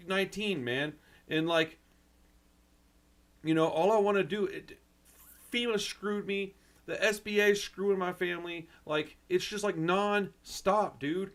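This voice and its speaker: An American man who runs a record store and hosts his own channel rants emotionally to camera, close to tears. Rambling and frustrated, he swears mildly and keeps saying "man" and "dude." His voice sits high and sounds a bit bright.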